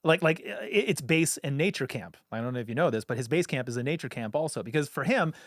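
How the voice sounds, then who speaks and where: A man co-hosts a studio podcast in a loose, casual chat, full of filler words, quick asides and the odd curse. His medium-pitched voice is expressive, with no room sound.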